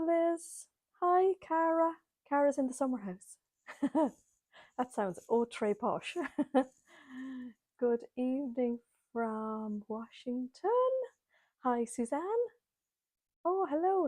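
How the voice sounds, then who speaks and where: An Irish woman chats casually on a live stream, reading out viewers' comments and greeting each one by name, with frequent laughs. Her voice sits fairly high and sounds mellow. The webcam mic is close and dry, with no room sound. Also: no room sound. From Ireland. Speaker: host of a live sewing chat. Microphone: laptop or webcam mic, camera angled up.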